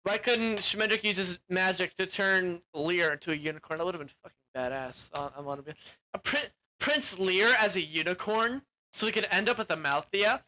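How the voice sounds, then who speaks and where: A young man with a bright, edgy voice talks through a movie plot in a loose, rambling way. He is crude and casual, and he strings his thoughts together with "like" and restarts. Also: high voice, moderate pace, slight background noise. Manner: rambling, crude, with frequent "like" fillers. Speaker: movie reviewer.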